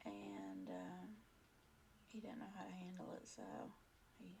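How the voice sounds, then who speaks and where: A woman's voice: on the low side, very animated, a little slow, gravelly, a little mellow, slight background noise. A woman vlog host telling a personal story in a casual, earnest, rambling way, full of fillers and restarts.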